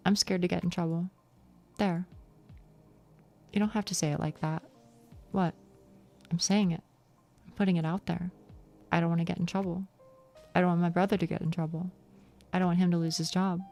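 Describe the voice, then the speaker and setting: A defensive, worn-out young woman from a visual novel, curt and bitter, her low voice sliding into a gravelly fry, as a woman streamer reads her lines. Faint music plays under the voice. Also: little pitch movement, normal speed, long pauses, darkish tone, close to an everyday voice.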